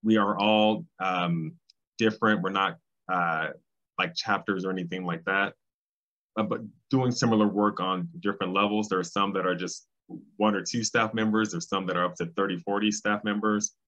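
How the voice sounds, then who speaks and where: A man, speaking as a guest in an interview, thoughtful and pausing often with ums. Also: sits low, steady tone, fairly bright tone. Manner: thoughtful, with frequent ums and restarts. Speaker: guest, civil rights state director. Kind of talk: casual interview conversation. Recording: slightly dull, lo-fi sound.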